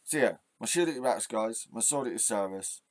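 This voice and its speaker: A man hosting his own channel, delivering a passionate, swearing rant that drops to quiet musing and then flares up loud, with halting restarts when he thinks aloud. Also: lowish voice, expressive, no echo. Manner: swearing, impassioned, swings between quiet and loud. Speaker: channel host. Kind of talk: ranting vlog monologue.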